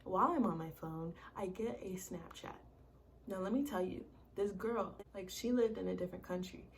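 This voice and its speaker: A woman's voice: medium pitch, moderate pace, gravelly, slight background noise. Chatty young woman telling a story. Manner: chatty, animated, peppered with "like" and swearing. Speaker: vlogger. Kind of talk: casual storytime vlog.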